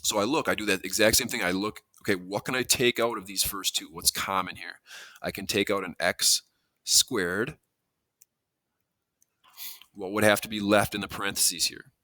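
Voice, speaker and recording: A man's voice: fairly low pitch, steady tone, moderate pace, long pauses, sharp tone, no room sound. A man teaching a math lesson, explaining steps in a conversational way, thinking aloud and correcting himself as he goes. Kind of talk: classroom lesson walkthrough.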